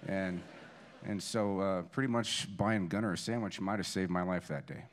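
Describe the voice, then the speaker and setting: A man's voice: low voice, normal speed. A man in his forties giving a eulogy in a church, telling self-deprecating, funny stories about a friend's son. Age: 40s. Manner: self-deprecating humorous anecdotes, many restarts. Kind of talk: storytelling eulogy at a memorial service.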